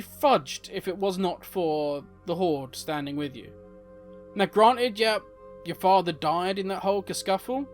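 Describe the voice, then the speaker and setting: A man's voice: high-pitched, unhurried, faint music behind. A man hosting a casual, opinionated commentary on game lore, often exasperated.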